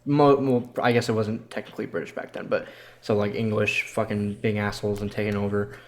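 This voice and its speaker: A man's voice: lowish voice, fairly even intonation, a little fast. A man co-hosting a casual podcast, chatty, with lots of fillers and cursing. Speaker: podcast co-host.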